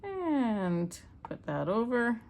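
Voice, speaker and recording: A woman's voice: a little high, big pitch swings, drawn-out words, darkish tone, a little hiss or hum. A middle-aged woman from Canada giving a homey, step-by-step loom knitting tutorial as she works. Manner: chatty, homey, talks step by step while working. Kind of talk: hands-on craft tutorial.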